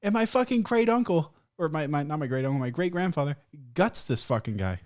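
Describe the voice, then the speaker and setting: A man hosting a podcast, telling stories in casual chat, animated, swearing and laughing often. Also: fairly high pitch, brisk, dry recording, clean studio sound. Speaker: podcast host.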